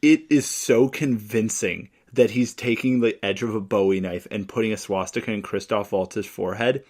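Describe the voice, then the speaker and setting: A man's voice: fairly low pitch, normal speed, a little mellow. A young man co-hosting a casual movie podcast, enthusiastically retelling his favorite scenes. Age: young adult. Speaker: podcast co-host.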